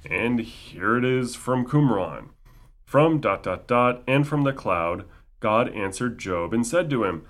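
A man reading scripture passages aloud in a measured way and adding wry commentary between them. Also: mid-range voice, animated, a bit bright.

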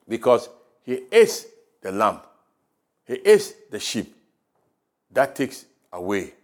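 Ghanaian pastor, animated preaching. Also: male voice, lowish voice. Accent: Ghanaian English. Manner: preaching with rising emphasis and quiet drops. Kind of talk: radio sermon. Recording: radio broadcast.

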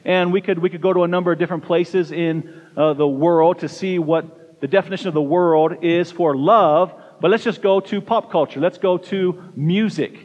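A man's voice: high voice, normal speed, a little mellow. A man preaching a sermon as pastor, stressing single words and asking the congregation rhetorical questions. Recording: dull lo-fi sound with long hall reverb.

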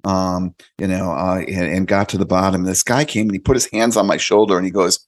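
A man's voice: low voice, fairly even intonation, a little fast. A man in his late fifties, a podcast guest, talking earnestly in casual chat and often checking in with "right?". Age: 50s. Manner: earnest, repeats words, tags lines with "right?".

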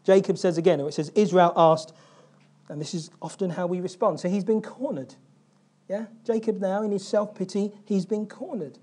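A male pastor preaching a sermon, retelling a Bible story with animated asides and questions to the congregation. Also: sits high, moderate pace. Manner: animated storytelling, acting out biblical figures' lines.

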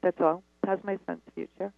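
A woman's voice: fairly low pitch, steady tone, normal speed, creaky, no room sound. A woman calling in to a show by phone, hesitant and emotional, laughing through tears. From New York. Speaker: caller. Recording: tinny phone line.

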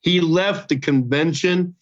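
A man in his sixties, a podcast guest, telling a story in a loose, profane, animated way and often repeating himself. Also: fairly high pitch, slow. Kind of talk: casual storytelling. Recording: dull lo-fi podcast audio.

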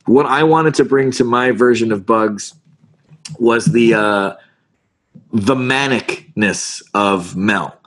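A man, a voice actor, talking casually in an interview, animated and fast, often restarting his words. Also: mid-range voice, slight background noise. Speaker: voice actor guest.

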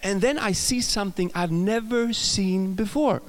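A man with a Swedish accent delivers a sermon in a higher register, stumbling over words and circling back with restarts. His voice carries a long reverb, as if filling a large church hall. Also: measured pace, hardly any pauses. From Sweden. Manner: storytelling with frequent restarts and self-laughter. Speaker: preacher.

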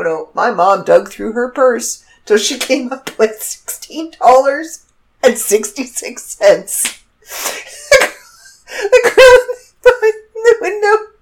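A middle-aged woman telling a story in casual chat, animated and laughing as she acts out the other people. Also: fairly high pitch. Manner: animated, laughs through her story, quotes others in shifting voices. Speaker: vlogger.

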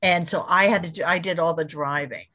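Laughing woman guest, lowish voice. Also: brisk, sharp tone. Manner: chatty, laughs often while telling stories. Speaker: museum professional, guest. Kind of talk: casual storytelling interview.

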